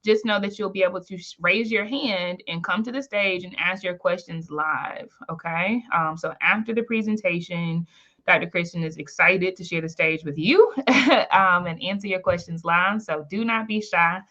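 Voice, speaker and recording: A woman hosting a live webinar with lively energy, calling out chat names and welcoming everyone in. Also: fairly low pitch, moderate pace, lo-fi sound. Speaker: webinar host. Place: home, in Maryland.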